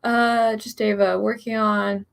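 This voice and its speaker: A young woman streamer chats in a loose, rambling way, reading out viewer comments between her own asides. Her voice sits at a middle pitch with a gravelly, creaky edge. She talks casually and fills pauses with little sounds. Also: little pitch movement. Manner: chatty, rambling, many fillers, reads comments aloud. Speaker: author streamer.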